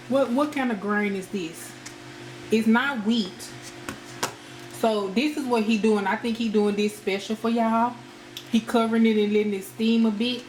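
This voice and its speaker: An American woman chatting casually to her viewers as she cooks at home, often calling them y'all. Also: medium pitch. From United States. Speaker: cooking vlogger. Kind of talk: casual cooking vlog. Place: home kitchen. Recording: echoey kitchen with background noise.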